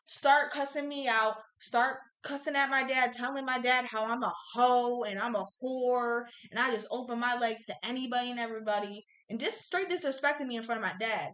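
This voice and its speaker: High, bright woman swearing through a story. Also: fairly quick, few pauses. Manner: profane, blunt storytelling. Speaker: podcast co-host. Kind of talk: casual storytelling chat. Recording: echoey room.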